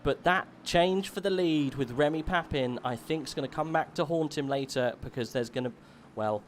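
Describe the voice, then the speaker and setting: A man's voice: a little high, a little fast, slight background noise. Male lead caller for online sim racing, easygoing banter, fires up once the race starts. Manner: chatty and relaxed before the start, louder and excited calling the race. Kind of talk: live esports race commentary.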